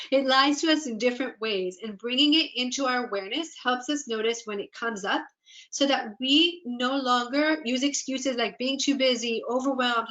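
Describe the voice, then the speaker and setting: Woman life coach on a video call webinar, kinda high voice, earnest and encouraging. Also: a bit bright, dull audio. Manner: earnest, encouraging, quoting inner doubts aloud. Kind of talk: webinar workshop presentation.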